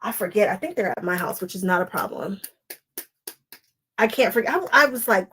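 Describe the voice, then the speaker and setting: A woman's voice: on the high side, very animated, fairly quick, a bit bright, slight background noise. A woman hosting a live paper-piecing stream, chatting casually and going off on tangents while she talks to viewers by name. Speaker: quilting livestream host. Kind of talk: casual live crafting chat.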